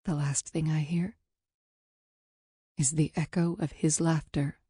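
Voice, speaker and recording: A woman's voice: low-pitched, level tone, slow pace, warm tone, breathy edge, no room sound, clean studio sound. A woman narrating a first-person audiobook in an intimate, candid storytelling manner.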